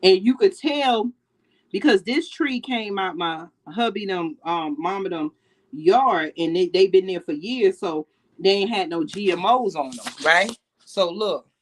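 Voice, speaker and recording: A woman's voice: mid-range voice, measured pace. A middle-aged woman with a New York accent, chatting casually to viewers while cooking and laughing often. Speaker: podcast host. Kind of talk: casual cooking vlog chat.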